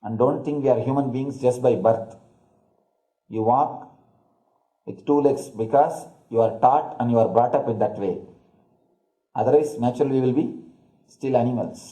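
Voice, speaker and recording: A man, a spiritual teacher, telling a parable in a slow, deliberate discourse. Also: mid-range voice, dark tone. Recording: roomy hall echo.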